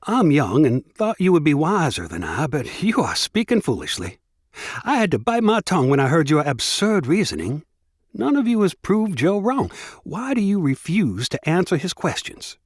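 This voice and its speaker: A man's voice: fairly high pitch, huge pitch swings, moderate pace, slightly rough, no room sound, clean studio sound, voice pushed up, full character voice. A man voicing a blunt young man in his late twenties with a Southern accent, speaking serenely in an audiobook. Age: late 20s. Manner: serene, then frankly scolding.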